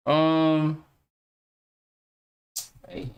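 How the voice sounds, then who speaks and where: In an extremely slow monotone, slightly high voice, a podcast host rants casually to his viewers with loose slang, lots of swearing and frequent restarts. The sound is lo-fi.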